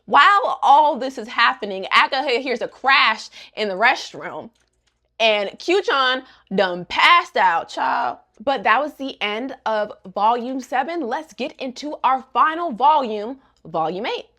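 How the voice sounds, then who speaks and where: A woman's voice: high voice, lively intonation, measured pace, bright, forceful tone. A young woman recapping a manga in casual, sassy commentary with joking asides.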